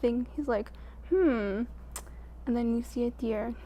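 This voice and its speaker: A woman storyteller reading a picture book aloud to children in an expressive way, dropping to a hush at quiet moments. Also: a little high, a little fast, a little hiss or hum.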